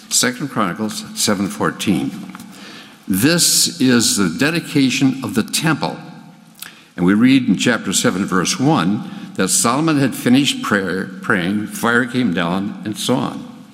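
An older man, a pastor, giving a sermon in a folksy storytelling way, with halting restarts. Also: fairly low pitch. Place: church sanctuary. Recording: long church reverb.

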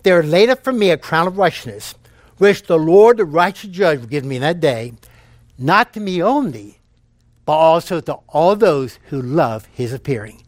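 A man's voice: fairly high pitch, animated, normal speed, no echo. A man preaching a sermon, telling jokes and repeating key phrases for emphasis.

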